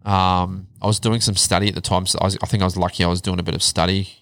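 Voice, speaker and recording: Thirties New man, low-pitched and candid, swears casually, dry close mic. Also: level tone, fast talker, a bit bright, dry recording. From New Zealand. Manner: candid storytelling, swears freely, drops to a low murmur on hard parts. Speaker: guest. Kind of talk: casual chat.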